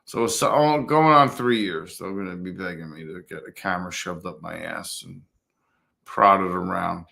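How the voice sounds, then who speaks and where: A man's voice: deep voice, normal speed, gravelly, pushed and bright. Profane rambling man in his fifties. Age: 50s. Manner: profane, rambling, acts out other people in a raised voice. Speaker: motovlogger livestreaming to viewers. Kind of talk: casual livestream chat.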